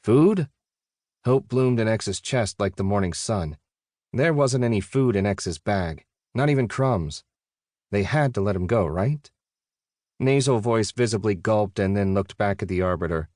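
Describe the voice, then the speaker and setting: A man with a fairly low voice narrates an audiobook at a steady, even pace. The recording is dry and close, with no room sound. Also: normal speed, no echo. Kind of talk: scripted narration.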